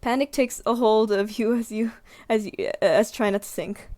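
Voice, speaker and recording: A young woman streamer reading a visual novel aloud, giggling and reacting with animated outbursts. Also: on the high side, normal speed. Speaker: gaming streamer.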